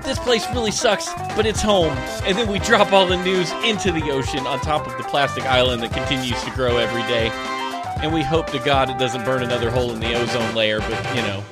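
A man's voice: medium pitch, fast, over loud music. A man hosting a casual comedy podcast, goofing around with jokes and laughing asides. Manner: goofy, jokey, lots of laughing asides. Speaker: podcast host.

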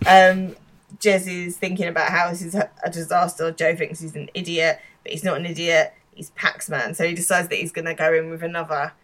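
A woman's voice: lowish voice, little pitch movement, brisk, a bit bright. A British woman co-hosting a podcast, casually retelling a TV episode and laughing as she goes. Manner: laughs often, acts out quoted lines. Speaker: podcast co-host. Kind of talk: casual chat recapping a TV episode.

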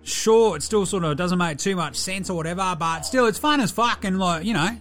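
A man's voice: sits high, brisk, fairly bright tone, faint music behind, voice pushed up. A man voicing a crude, laid-back young male basketballer with a broad Australian accent, rambling and swearing in slang. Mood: cheeky rambling.

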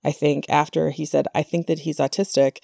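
A woman's voice: low-pitched, little pitch movement, fairly quick, vocal fry, warm tone, no room sound, studio quality. A woman hosting a casual conversation, chatty, with many fillers and asides.

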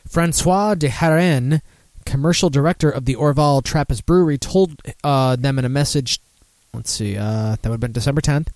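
A man's voice: medium pitch, normal speed, a little mellow, dry recording. A man hosting a casual live-stream beer podcast, rambling, swearing and laughing at himself. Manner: rambling, profane, self-mocking, laughs often. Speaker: podcast host.

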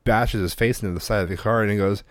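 A man hosting a podcast in casual chat, telling stories in a relaxed way and swearing freely. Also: fairly low pitch, fast talker, dry recording, studio quality. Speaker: podcast host.

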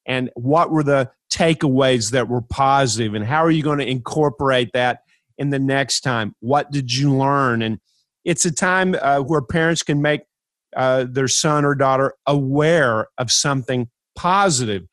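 A man hosting a podcast interview, telling stories in an emphatic, animated way. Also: medium pitch, moderate pace, dry recording. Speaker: podcast host. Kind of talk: conversational interview.

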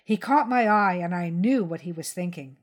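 A woman's voice: fairly low pitch, moderate pace. Woman narrating a tense crime story. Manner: tense, steady first-person narration. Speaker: story reader. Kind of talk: dramatic short-story reading.

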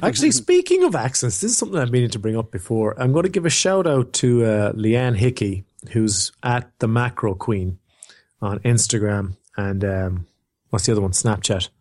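This young man co-hosts a podcast, joking around in casual chat that wanders and is full of "like" and "um" fillers. He sounds very animated, speaking at normal speed in a lowish voice with a darkish tone.

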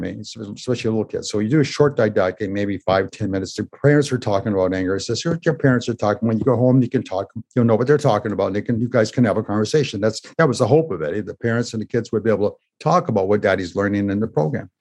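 Older man, husky, mellow dark tone, animated storyteller, says "eh?". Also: on the low side, fast. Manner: animated retelling, acting out voices in quotes; says "eh?" at ends of phrases. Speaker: guest telling his story. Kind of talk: emotional personal storytelling.

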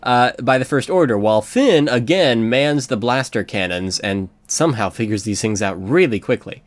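A man's voice: medium pitch, expressive. American man rambling through a movie chat. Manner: rambling, joking, quick asides. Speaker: podcast co-host. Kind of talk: casual movie review chat.

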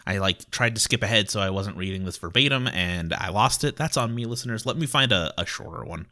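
A man co-hosting a podcast, chatting casually about tabletop adventures in a rambling, animated way full of filler words. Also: lowish voice, fairly quick. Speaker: podcast co-host.

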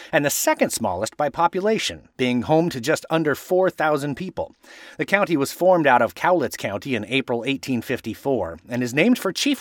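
A man from Washington state hosting a podcast, reading a script playfully and spelling out place names slowly to correct how they are said. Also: medium pitch, no echo, studio quality. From Washington state, USA. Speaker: podcast host.

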